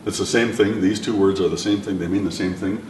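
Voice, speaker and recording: A man teaching a language lesson, patiently repeating words slowly for his learners. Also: fairly even intonation, a little mellow. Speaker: language instructor. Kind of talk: classroom lesson. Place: classroom or lecture room. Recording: echoey room, mic at a distance, faint rumble.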